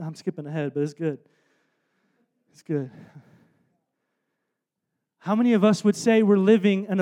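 A man with a high, light voice preaches a sermon from the stage. He tells a story in a relaxed way, drops to quiet asides, then builds to loud emphatic points. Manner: storytelling, shifts between soft asides and loud emphatic bursts. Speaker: pastor. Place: stage before a congregation.

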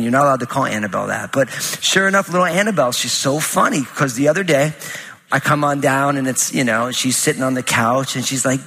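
Husky-voiced man preaching in a reverberant hall. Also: mid-range voice, sharp tone. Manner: conversational, humorous storytelling with many fillers. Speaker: pastor. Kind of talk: sermon with personal stories.

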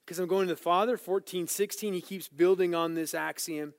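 A man teaching a Bible lesson as a sermon, swinging between loud, emphatic scripture reading and quiet, casual asides to his listeners. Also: on the high side, steady tone, a little fast, few pauses, no echo, studio quality. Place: church room with small group.

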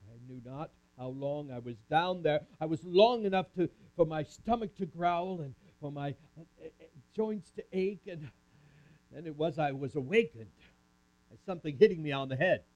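In a muffled, lo-fi recording, a man performs a theatrical first-person monologue as a camp speaker, engaging an audience volunteer. His voice is fairly high and a little mellow, delivered at a moderate pace.

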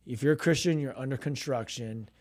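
A man co-hosting a radio show, telling a personal ministry story in casual chat, animated and full of restarts, acting out quoted voices. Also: medium pitch, fairly quick.

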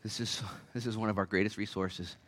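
A man preaching a sermon to a church congregation, impassioned, firing off rhetorical questions and swinging from hushed tones to shouts. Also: on the low side, fairly even intonation. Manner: rapid-fire rhetorical questions. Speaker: pastor. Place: church service.

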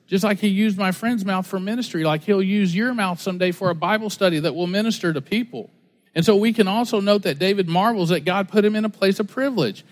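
A middle-aged male pastor preaching a sermon, telling stories and acting out the voices of the people in them. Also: sits high. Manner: animated storytelling, acting out quoted voices.

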